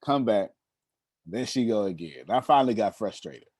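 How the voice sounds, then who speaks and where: A man in his thirties, a motivational speaker telling stories to an audience, animated and addressing the listeners directly with a teasing tone. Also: fairly low pitch, normal speed, slightly rough, dry recording, studio quality. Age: 30s. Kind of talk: storytelling talk to an audience.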